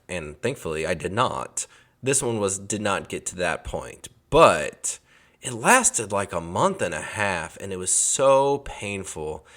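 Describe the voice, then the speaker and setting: A man's voice: lowish voice, a bit bright. A man hosting a podcast, talking frankly and casually and swearing now and then. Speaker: podcast host. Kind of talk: candid casual monologue.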